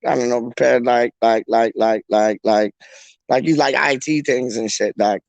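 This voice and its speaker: A man's voice: mid-range voice, fairly even intonation, normal speed, creaky, no echo, muffled recording. A young man, hosting a fan channel live stream in a rambling, jokey, slangy chat.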